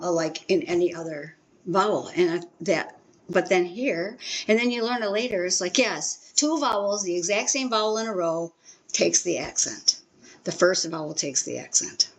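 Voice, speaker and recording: A woman's voice: mid-range voice, normal speed. A woman teaching an informal beginners' language class, explaining in a chatty way with many ums and restarts. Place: small meeting room in a congregation.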